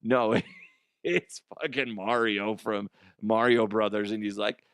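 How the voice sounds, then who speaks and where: A man's voice: on the low side, steady tone, slow, fairly bright tone, dry recording, clean studio sound. A man hosting a comedy podcast, rambling through a crude monologue, giggling and swearing.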